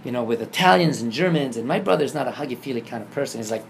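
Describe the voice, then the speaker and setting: A man telling a personal story in casual conversation, acting out the quoted dialogue with lively shifts. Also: mid-range voice, very fast, gravelly, noisy background. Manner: animated, acts out quoted dialogue. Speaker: guest telling his story.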